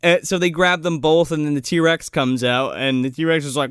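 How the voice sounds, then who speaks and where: A man in a casual movie podcast retells scenes with loose, profane rambling, slipping into the characters' voices as he goes. His voice is smooth and a little high for a man, with a dry, close sound. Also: fairly quick, few pauses, a bit bright, no room sound. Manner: rambling, swears a lot, acts out characters' lines. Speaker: podcast co-host.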